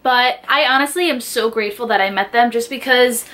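A young woman, a beauty YouTuber, chatting casually as she unboxes a swap package, excitable and full of "like" fillers. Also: on the high side, fairly quick. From New York area.

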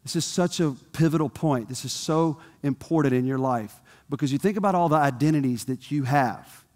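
A man's voice: a little high, fairly quick, a little mellow. A man preaching a sermon in a conversational way, asking the congregation questions, recorded in a church. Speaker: pastor. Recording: long hall reverb.

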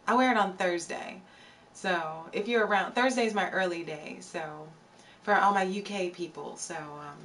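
A woman's voice: medium pitch, sharp tone. A young woman chatting casually on a live stream, greeting viewers from chat as she talks. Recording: slightly distant mic, faint background noise.

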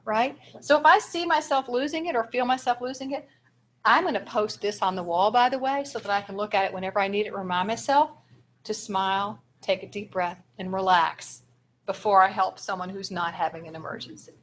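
A woman's voice: a little high, normal speed, a bit bright, a little hiss or hum. A woman presenting a training seminar for early childhood educators, explaining strategies with step-by-step examples in an encouraging manner.

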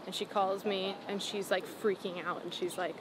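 Telling a story in a casual outdoor interview on a city sidewalk, a Los Angeles singer-songwriter in her twenties speaks with a medium pitch, level tone, and normal speed. Street noise runs behind her chatty delivery, packed with "like" and frequent laughter.

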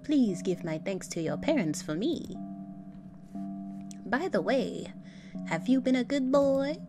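A woman voicing a kindly old lady neighbor, high and drawn out, with game music behind. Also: very animated, slow pace, heavily acted.

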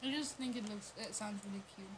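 A woman's voice: mid-range voice, a little fast, background noise. Opinionated young woman, emphatic chat. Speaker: livestream co-host. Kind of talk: casual chat.

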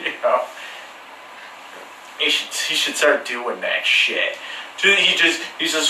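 A man's voice: fairly high pitch, animated, slow, long pauses, bright, forceful tone, slight background noise. A man talking in a rambling, crude and joking way, full of swearing and restarts. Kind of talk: rambling casual monologue. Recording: echoey room, mic far off.

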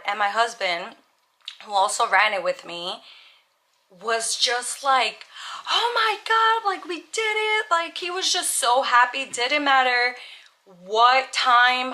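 A young woman vlogger talks to camera in a casual monologue, chatty and earnest, sprinkling "like" throughout. Her voice is on the high side, pushed and bright.

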